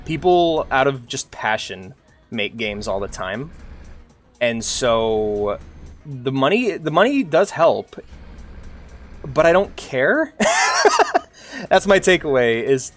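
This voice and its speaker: Young male streamer, lively swearing rant, faint game music under. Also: mid-range voice, slow pace, long pauses. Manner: animated, swearing, laughing ranter. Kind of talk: casual rant while gaming.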